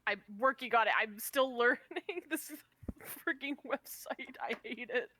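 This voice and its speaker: A woman's voice: fairly high pitch, normal speed, pushed and bright, a little hiss or hum. A young woman chatting casually as a player in a tabletop game, giggly and jokey.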